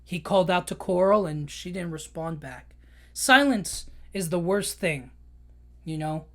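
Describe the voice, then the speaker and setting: A man's voice: high voice, expressive, unhurried. A man hosting a podcast, recapping a film in an emotional, chatty way with lots of "you know". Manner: emotional storytelling, many fillers like "you know". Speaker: podcast host. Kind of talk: casual movie recap.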